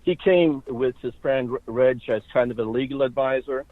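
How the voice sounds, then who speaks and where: A man's voice: mid-range voice, no room sound. Man telling his story over a phone line. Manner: halting, with fillers and restarts. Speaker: interview guest. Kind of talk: recounting personal history.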